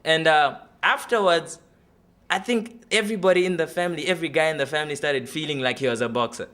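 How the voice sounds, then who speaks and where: A man's voice: a little high, quick pace, fairly bright tone. Young man doing stand-up. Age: 20s. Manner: loose, chatty, full of fillers. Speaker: stand-up comedy contestant. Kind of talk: stand-up comedy audition.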